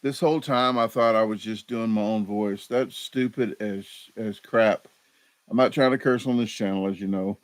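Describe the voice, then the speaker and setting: A man's voice: on the low side, fairly even intonation, moderate pace, no room sound. A man hosting a casual live stream chat. He rambles, mocks himself, and restarts his sentences often. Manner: rambling, self-deprecating, frequent fillers and restarts.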